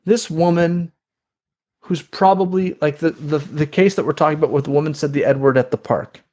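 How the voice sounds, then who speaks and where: Man explaining in a relaxed podcast chat. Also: a little high, normal speed. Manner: explanatory, with many restarts and quoted retellings. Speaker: podcast guest. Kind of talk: conversational interview.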